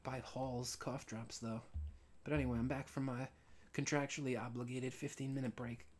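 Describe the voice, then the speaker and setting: A man live streaming while he animates, telling a casual story with many restarts and frequent throat clearing. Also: mid-range voice. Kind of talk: rambling casual anecdote.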